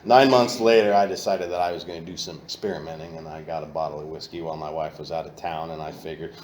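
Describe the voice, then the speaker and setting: A man telling his recovery story at a meeting, candid and profane, and he gets loud when he acts out old moments. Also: a bass voice, steady tone, quick pace, few pauses, reverberant, a little hiss or hum. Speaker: AA meeting speaker. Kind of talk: personal recovery talk. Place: meeting room.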